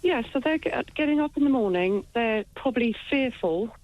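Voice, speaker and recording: A woman's voice: fairly high pitch, expressive, moderate pace, no echo, dull audio. Earnest woman caller on the radio. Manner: earnest, agreeing, repeats points. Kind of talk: phone-in call.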